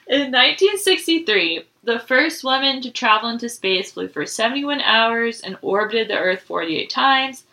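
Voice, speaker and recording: A woman's voice: a little high, animated, unhurried, bright, forceful tone, poor audio. A woman co-hosting a casual podcast, laughing often as she reads out trivia questions. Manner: giggly, reads trivia notes aloud. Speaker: podcast co-host. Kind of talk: casual chat.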